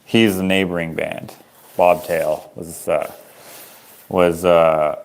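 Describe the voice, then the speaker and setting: A man's voice: deep voice, little pitch movement, slow, vocal fry, pauses often. A man from Canada, an artist chatting casually and rambling on a livestream while selling his prints. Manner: rambling, easygoing, chuckles at himself.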